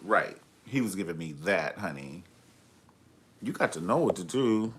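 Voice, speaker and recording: A man's voice: low voice, lively intonation, a little slow, very noisy. A man hosting a casual live stream, telling gossipy stories in a sassy, flamboyant, profane way and calling people honey.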